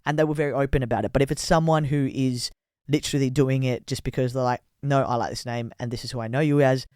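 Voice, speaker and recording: A man in his thirties co-hosting a relaxed podcast chat. He talks quickly and frankly and agrees readily. The sound is dry and close-miked. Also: mid-range voice, clear, resonant tone, no echo. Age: 30s. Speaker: podcast co-host.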